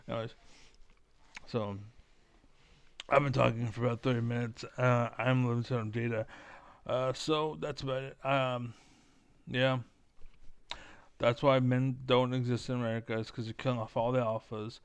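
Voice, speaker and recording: A man giving a rambling, profane political monologue, often losing his train of thought and doing mocking squeaky impressions. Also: steady tone, normal speed, clean tone, no room sound.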